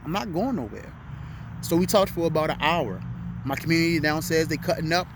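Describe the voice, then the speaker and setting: A man's voice: a little high, animated, fairly quick, background noise. A middle-aged man recording a heartfelt motivational talk outdoors at dusk, speaking earnestly and emotionally and repeating his key phrases. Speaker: vlog host. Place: outdoors at dusk, urban street.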